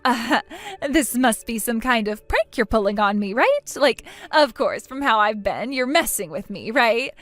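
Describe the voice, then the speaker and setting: A woman's voice: on the high side, very animated, measured pace, fairly bright tone, faint music behind. A woman voicing a spiteful, mocking young woman in a text message story, taunting and then whiny and pleading. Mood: indignant.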